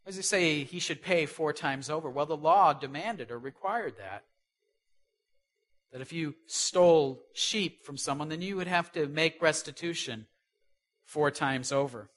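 Delivering a sermon at a slightly slow pace, this fairly high-pitched man poses rhetorical questions. His delivery alternates between forceful stresses and quiet asides.

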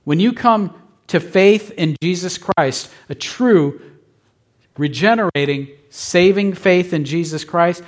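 A man's voice: high-pitched, slow pace. A male pastor preaching a sermon with emphatic repetition, often checking in with his listeners. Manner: emphatic, asks the congregation "right?".

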